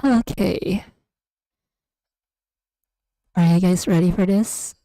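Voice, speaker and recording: A woman's voice: on the low side, measured pace, dark tone, no echo. A woman chatting casually on a stream from her room, rambling and giggling and trailing off into filler. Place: home room. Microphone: USB desk microphone.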